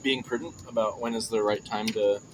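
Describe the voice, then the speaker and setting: A man's voice: lowish voice, level tone, fairly quick, background noise. A young man, a podcast guest, chatting casually and telling jokey stories with frequent laughs. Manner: joking storyteller, laughs often. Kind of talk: casual chat.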